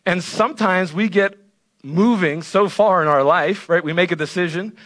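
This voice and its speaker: A male pastor preaches in a loose, conversational way, often tossing "right?" back at the congregation. His voice sits a little high for a man. He keeps the delivery animated and lively. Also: moderate pace. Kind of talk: sermon.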